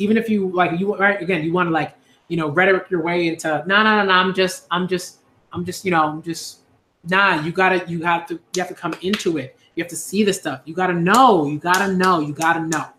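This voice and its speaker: A man's voice: a little high, a bit bright, echoey room, a little hiss or hum. A man speaking earnestly in a casual monologue, repeating himself with many fillers and restarts. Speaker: YouTube commentator.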